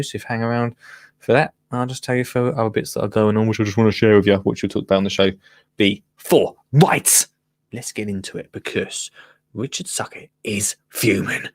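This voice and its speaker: A man hosting a live gardening phone-in show, chatting casually and rambling excitedly with listeners. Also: lowish voice. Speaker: gardening podcast host.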